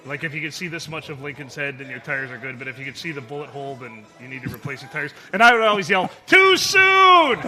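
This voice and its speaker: A man's voice: medium pitch, quick pace, hardly any pauses, sharp tone. A man co-hosting a casual comedy podcast, joking and laughing often. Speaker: podcast co-host.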